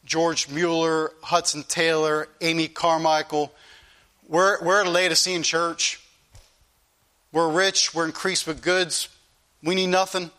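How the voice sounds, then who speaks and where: A man's voice: a little high, level tone, slow, sharp tone. A male pastor preaching an earnest, repetitive sermon that rises into pleading questions to his congregation.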